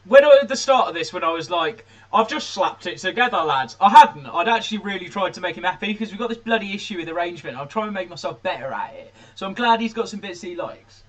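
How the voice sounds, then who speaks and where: A man's voice: high-pitched, animated, quick pace, few pauses. A man from Birmingham, chatting casually and jokingly while producing music on a live stream, his throat a little sore. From Birmingham, England. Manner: jokey, self-mocking, laughs often. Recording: distant mic, music playing behind.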